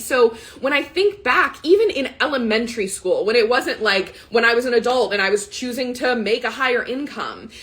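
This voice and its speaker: A woman in her thirties talks candidly in a live coaching session, close to tears as she tells her story. Her voice sits somewhat high and swings widely in pitch. She keeps checking in with "right?" and peppers her talk with "like". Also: a bit bright. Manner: candid, emotional, often says "right?" and "like". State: tearful, close to crying.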